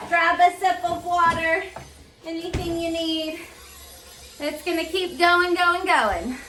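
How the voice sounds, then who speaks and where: A woman's voice: very high-pitched, steady tone, slow pace, bright, forceful tone, distant mic, a little hiss or hum. A young woman leading a barre fitness class, counting down moves with upbeat, chatty cues and slightly out of breath. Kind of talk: counting through a live workout class. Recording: roomy sound from away from the mic.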